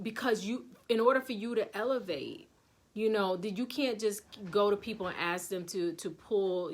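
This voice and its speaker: Animated woman card reader. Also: medium pitch. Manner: animated, addresses viewers directly. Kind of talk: casual chat on a live video.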